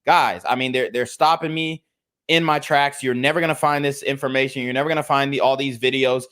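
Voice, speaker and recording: A man's voice: medium pitch, fairly even intonation, brisk, fairly bright tone, clear, resonant tone. Blunt, profane male commentary host. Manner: blunt, profane, plugs the channel in the vernacular. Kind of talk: casual news commentary.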